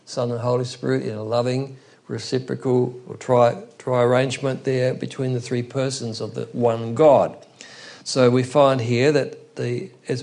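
A man delivers an unhurried Bible teaching in a thoughtful, conversational way. His voice sits at a middling pitch with a gravelly, creaky texture. He often slows to read scripture aloud. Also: darkish tone. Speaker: preacher.

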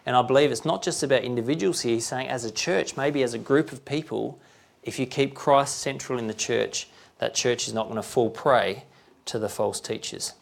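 A man's voice: mid-range voice, moderate pace, gravelly. A man preaching a sermon, talking conversationally and checking in with rhetorical questions.

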